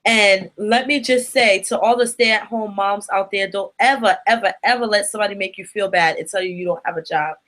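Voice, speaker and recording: Expressive woman hosting a chat show. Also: medium pitch, a little fast, hardly any pauses, low-quality recording. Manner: expressive, speaks straight to the audience. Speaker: talk show host. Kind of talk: casual chat addressing the audience.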